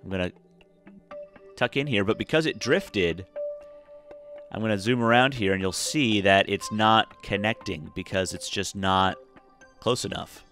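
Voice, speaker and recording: Tired guy with a lowish voice doing laid-back game commentary, lots of uhs, faint music behind. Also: unhurried, pauses often. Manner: relaxed, rambling, with many fillers and restarts. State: tired, yawning. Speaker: gameplay commentator. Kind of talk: casual let's-play commentary.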